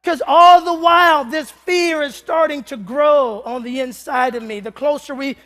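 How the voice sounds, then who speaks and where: A male preacher with a very high voice tells a comic story from the pulpit, animated and bursting into shouts. His words ring out with a long reverb in a large hall. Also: normal speed. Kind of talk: humorous sermon storytelling.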